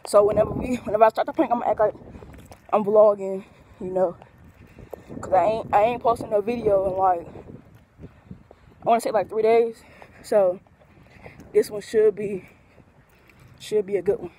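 A woman's voice: mid-range voice, steady tone, normal speed, pauses often, dark tone, a little hiss or hum. A woman vlogger talking casually and laughing while filming a prank on her phone outdoors. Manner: laughs between lines. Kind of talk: casual vlog talk. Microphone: handheld phone.

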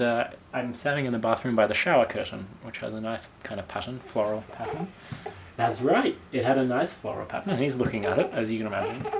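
A woman's voice: rumbling low, slight background noise. A woman at home cooing sing-song baby talk and giggling while she chats to the person filming. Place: family home.

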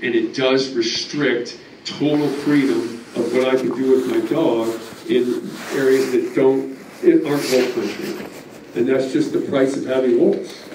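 A wolf biologist speaking plainly at a public meeting, answering questions in a loose, halting way with many fillers. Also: male voice, medium pitch. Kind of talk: public talk and Q&A. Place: meeting room. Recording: echoey hall from far off, faint noise.

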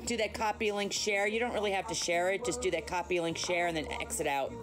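This livestream host speaks fast in a fairly low, fairly even voice, with music playing behind her. It's nighttime at home, and she chats casually through her phone, teasing viewers as she answers their comments.

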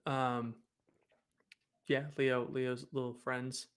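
A young man co-hosting a podcast, chatting about his small son in a relaxed way that trails off softly. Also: mid-range voice, drawn-out words, smooth. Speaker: podcast co-host. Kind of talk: casual chat.

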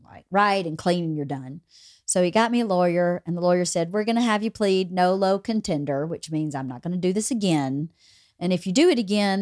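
A woman's voice: lowish voice, a little mellow, no room sound, studio quality. A woman hosting a podcast, telling a personal story in a candid, chatty way. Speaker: podcast host. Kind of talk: casual anecdote telling.

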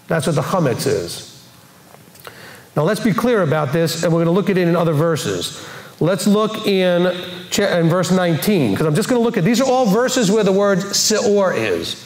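A man teaching scripture to a congregation, slowly explaining Hebrew words and their meanings. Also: high-pitched, roomy sound.

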